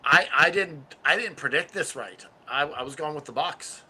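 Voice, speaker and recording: Bright-voiced man in casual chat. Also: a little high, expressive, breathy edge. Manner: rambling, halting with many fillers. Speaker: podcast co-host.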